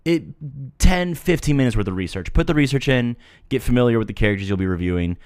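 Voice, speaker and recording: A man's voice: mid-range voice, expressive, fast, a little mellow, smooth, dry recording, clean studio sound. A man giving mock-serious commentary on a video, lecturing earnestly with playful asides. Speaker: video reviewer.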